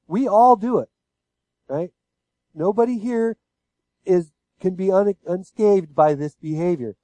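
A man's voice: sits high, animated, unhurried, long pauses, warm tone, no echo, low-quality recording. A pastor giving a sermon, speaking casually and asking his listeners one rhetorical question after another. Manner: conversational preaching with frequent rhetorical questions.

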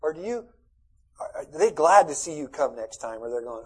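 A man's voice: on the high side, sing-song, moderate pace, husky, low-quality recording. A middle-aged man pastor giving a conversational, folksy sermon with asides to the congregation.

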